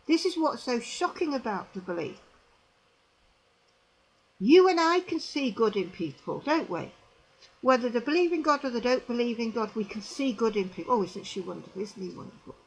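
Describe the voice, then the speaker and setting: Brief: an emphatic woman delivering a religious commentary straight to camera, high and lively pitch. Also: normal speed, pauses often, a little hiss or hum, low-quality recording. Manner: emphatic, repetitive, tag questions to the viewer.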